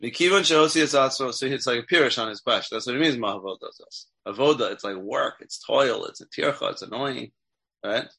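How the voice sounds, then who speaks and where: A man's voice: medium pitch, a little fast, creaky, bright, forceful tone, breathy edge. A man teaching a text class as a rabbi, asking his students questions and checking in with them often. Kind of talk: interactive Torah class.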